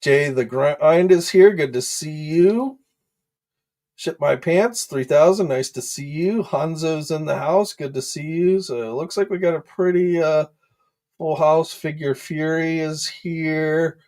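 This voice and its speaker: A man hosting a casual livestream, chatting in a relaxed way with plenty of "um"s and "uh"s and greeting viewers by name. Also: on the high side, measured pace. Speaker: host of an action figure news livestream. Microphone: desk microphone.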